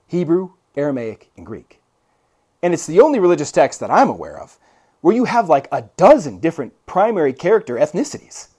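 Animated preacher man. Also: on the high side, a little fast, slightly rough. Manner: animated storytelling with asides and rhetorical questions. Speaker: pastor. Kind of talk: conversational sermon.

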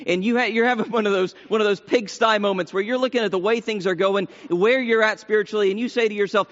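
A high-pitched man delivers an earnest sermon, circling back over his words to drive them home. His voice carries a long hall echo from the church sanctuary, and the sound is dull and lo-fi. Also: a little fast, fairly bright tone. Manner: earnest, repeats phrases for emphasis. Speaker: preacher.

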